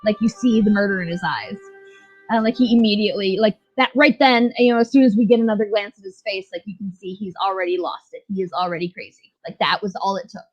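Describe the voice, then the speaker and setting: A woman's voice: mid-range voice, quick pace, no echo, highs cut off, faint music behind. A woman co-hosting a podcast, recapping a show in casual, blunt, profane, joking chat. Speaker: podcast co-host.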